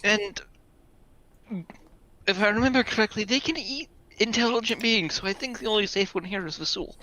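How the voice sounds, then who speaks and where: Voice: mid-range voice, normal speed, heavy background noise. A tabletop game player, direct and joking, asking rules questions and speaking in character. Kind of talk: casual in-character play.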